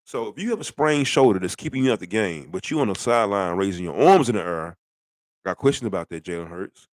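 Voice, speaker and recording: A man's voice: on the low side, animated, quick pace, no echo. A middle-aged man ranting bluntly about football in a rambling, casual way, full of rhetorical questions. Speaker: sports commentator. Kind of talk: casual sports rant.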